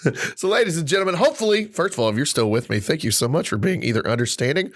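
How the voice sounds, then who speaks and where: A man's voice: on the high side, sing-song, fast talker. A man hosting a casual podcast, ranting heatedly and swearing freely. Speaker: podcast host.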